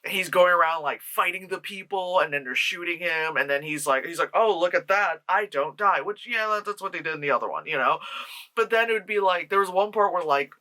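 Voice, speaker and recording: A reviewer from the New York tri-state area rambles through a film plot with a bright, sharp-edged voice. The delivery is loose and profane, full of quick mock voices for the characters. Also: mid-range voice. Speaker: movie reviewer.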